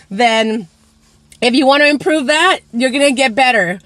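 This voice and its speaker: A woman's voice: sits high, expressive, moderate pace, a bit bright, no echo. A woman coaching and co-hosting a podcast, talking encouragingly and slipping into Spanish mid-sentence. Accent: Latina American English with Spanish words. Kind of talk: casual podcast chat.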